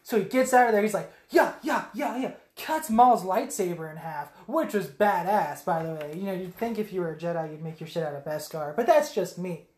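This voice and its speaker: A woman's voice: on the low side, expressive, a little fast, hardly any pauses, a little mellow, echoey room. A woman casually recapping a film on a podcast, swearing often and acting out scenes with silly voices and sound effects. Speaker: podcast co-host.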